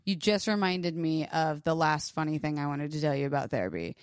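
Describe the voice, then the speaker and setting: A young woman co-hosting a podcast in casual chat, animated and profane, acting out the voices she quotes in her stories. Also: deep voice, a little fast, dry recording, clean studio sound. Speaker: podcast co-host.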